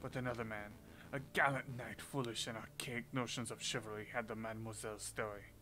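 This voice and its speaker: A man voicing a secretive male bird nobleman who speaks in a hushed, low, conspiratorial French manner. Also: steady tone, brisk, low-quality recording. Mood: storytelling.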